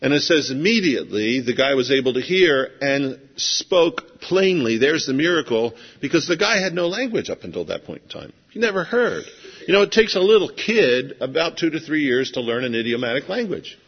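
A man's voice: medium pitch, sing-song, normal speed, husky. A man preaching a sermon in a conversational storytelling manner, acting out scenes as he goes. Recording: dull lo-fi sound with long hall reverb.

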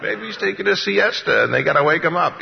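Preacher doing a prophet mocking ppl, high and yelling, sarcastic, big echoey hall, kinda dull sound. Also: male voice, expressive, fast talker, creaky, heavily acted. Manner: shrill, exaggerated, taunting.

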